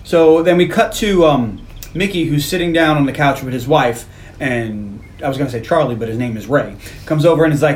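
A man's voice: medium pitch, brisk, roomy sound. A man co-hosting a casual movie podcast, retelling scenes and acting out dialogue with swearing. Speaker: podcast co-host. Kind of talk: casual movie recap chat.

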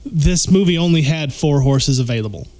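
Dry sarcastic guy, slightly high voice, casual movie recap. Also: expressive, normal speed, darkish tone. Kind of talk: casual movie review chat.

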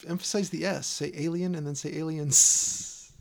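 Gravelly-voiced man, softened Chicago accent. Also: a little high, steady tone, quick pace. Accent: Chicago South Side, softened. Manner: jokey, laughs often. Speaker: podcast host. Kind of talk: casual chat.

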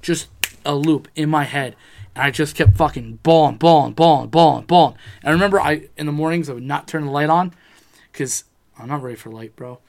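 A man's voice: on the high side, brisk, creaky. A young man in casual chat, telling a personal story with lots of swearing and acted-out quotes.

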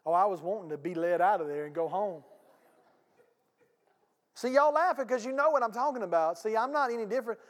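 High-voiced pastor preaching. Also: male voice, fairly quick, long pauses. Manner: animated, conversational, folksy with asides to the congregation. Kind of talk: storytelling sermon. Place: church sanctuary. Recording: long hall reverb.

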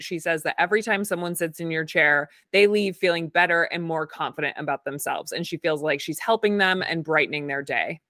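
A woman's voice: fairly low pitch, fairly bright tone, no room sound, clean studio sound. A woman co-hosting a podcast, recapping an episode with enthusiasm and frequent laughter. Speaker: podcast co-host. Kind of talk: casual recap chat.

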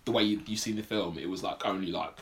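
A man's voice: deep voice, quick pace, slight background noise. A man co-hosting a podcast in casual chat, telling stories in a rambling way full of "like" and restarts. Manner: rambling, filler-heavy storytelling with lots of "like". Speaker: podcast co-host.

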